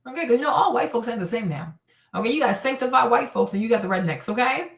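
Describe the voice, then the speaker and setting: Fiery high-voiced woman host ranting profanely in an echoey room. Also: animated, fast talker, creaky. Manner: heated, blunt and profane, repeating lines for emphasis. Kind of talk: casual commentary.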